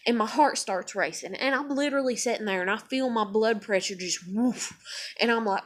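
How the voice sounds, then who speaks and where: A young woman venting angrily in a vlog. She swears constantly and swings between loud outbursts and low muttering. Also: a little fast. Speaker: vlogger. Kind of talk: angry venting monologue.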